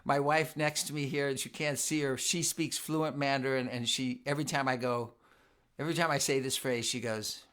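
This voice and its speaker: Playful bright-voiced man leading a sing-along. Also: mid-range voice, steady tone, normal speed, clear, resonant tone. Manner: playful, coaxing audience to repeat words. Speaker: children's singer and concert host. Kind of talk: live family sing-along concert chat. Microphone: home live stream.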